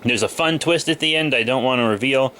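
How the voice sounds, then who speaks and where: A young man with a bright, forceful voice talks casually through his comic haul. He is a little sick with a cold and rambles along with plenty of fillers. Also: medium pitch, brisk. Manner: rambling, loose, with many fillers. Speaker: comic book vlogger. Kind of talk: casual haul video chat.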